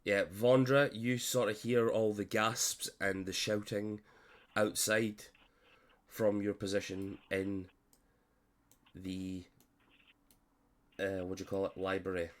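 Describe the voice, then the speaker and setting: A man who is unwell, narrating a tabletop game as game master with halting, filler-heavy speech on a voice call. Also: lowish voice, little pitch movement. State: unwell, coughing.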